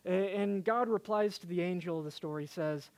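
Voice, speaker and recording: Preacher telling an old story, lots of uhs and restarts, mid pitched. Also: normal speed, darkish tone. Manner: hesitant, lots of "uh" fillers and restarts. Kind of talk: sermon storytelling.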